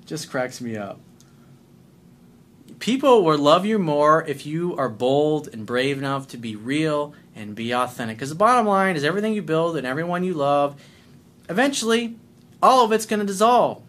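A man's voice: fairly high pitch, lively intonation, normal speed, a bit bright. A man working as a life coach, delivering a blunt, combative rant to camera, swearing constantly.

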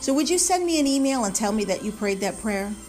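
A woman's voice: a little high, lively intonation, fast talker, a little mellow, soft background music. A woman reading a Bible passage aloud and then closing with an earnest appeal and prayer, sometimes repeating words after a slip. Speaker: Bible reader and preacher.

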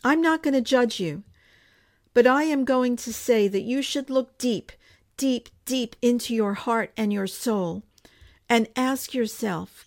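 A woman in a live broadcast, talking straight to her audience. Her voice sits at an ordinary middle pitch, and she sounds earnest and pleading. She stacks repeated phrases to press her point. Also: measured pace, darkish tone. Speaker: organization spokesperson hosting a live broadcast. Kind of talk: impassioned direct-to-camera appeal.

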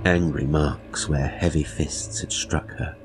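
A man narrating a horror story in a measured, grave way, sometimes dropping to a whisper. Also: very deep voice, fairly even intonation, over music. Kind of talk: dramatic horror story reading.

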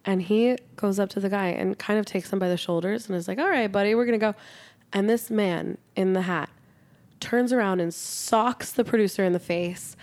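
Young woman, podcast co-host, chatty excited storyteller who swears freely, mid-range voice. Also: mid-range voice. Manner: excited storytelling, heavy "like" filler, frequent swearing. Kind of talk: casual podcast chat. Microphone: studio podcast mic.

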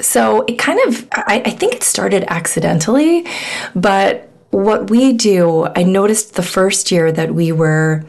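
Gravelly-voiced woman podcast host. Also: mid-range voice, darkish tone. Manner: candid, chatty, sometimes drops to a whisper. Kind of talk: personal storytelling monologue.

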